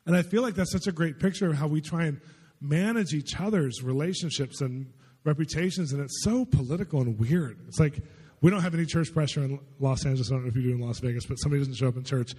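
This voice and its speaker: Fast-talking husky man preaching in a hall. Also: fairly high pitch, a little mellow. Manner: conversational, chatty, lots of filler "like". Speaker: pastor. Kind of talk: storytelling sermon. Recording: long reverb in a large hall.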